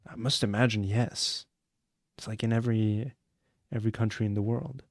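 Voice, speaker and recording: A man's voice: fairly low pitch, fairly even intonation, moderate pace, a little mellow, dry recording, clean studio sound. A young man streaming a mystery game live, chatting and joking with his viewers as he plays. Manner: chatty, joking, answers chat.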